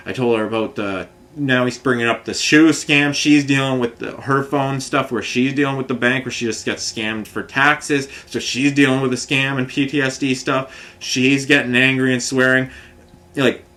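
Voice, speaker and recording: A man's voice: mid-range voice, steady tone, moderate pace, pushed and bright. Frustrated man ranting in run-on stories. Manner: frustrated, run-on storytelling full of filler phrases. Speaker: vlogger. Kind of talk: rambling personal rant to camera.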